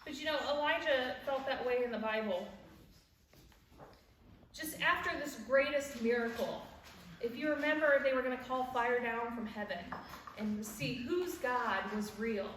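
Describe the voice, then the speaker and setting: At a church event, a high-pitched woman in her forties shares a personal story that carries a devotional message, laughing at her own tale and acting out the voices of people she quotes. Her warm storytelling is picked up from a distance in an echoey church hall with background noise.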